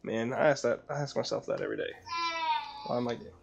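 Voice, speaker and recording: A man streaming a block-building game, joking loudly, swearing and breaking into panicked yells. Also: medium pitch, fairly even intonation, fast, gravelly, very noisy. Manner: loud, joking, swearing, bursts into panicked yelling. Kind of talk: casual gaming chat.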